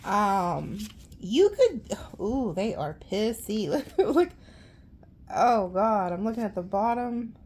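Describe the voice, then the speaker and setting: Gravelly, chatty woman reading tarot. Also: mid-range voice, big pitch swings, slow pace, a little mellow. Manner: chatty, dramatic, laughs often, blunt slang. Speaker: tarot reader.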